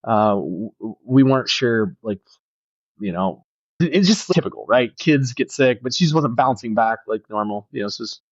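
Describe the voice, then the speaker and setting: A man's voice: medium pitch, animated, normal speed, no echo. Earnest male pastor telling a story. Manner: earnest, reflective, many restarts. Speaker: pastor, podcast guest. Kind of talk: personal storytelling in a podcast conversation. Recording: dull, slightly lo-fi, dry sound.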